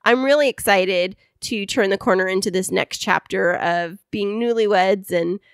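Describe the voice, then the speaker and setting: A woman's voice: mid-range voice, moderate pace, no room sound, clean studio sound. A young woman co-hosting a podcast, chatting casually and gushing with frequent giggles. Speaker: podcast co-host. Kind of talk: casual chat.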